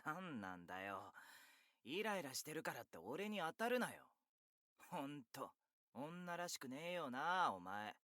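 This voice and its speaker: A man's voice: big pitch swings, brisk, no echo, studio quality. A man voicing a young man in a game who has turned cold and menacing, coaxing and belittling. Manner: low coaxing menace that bursts into yelling. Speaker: game character.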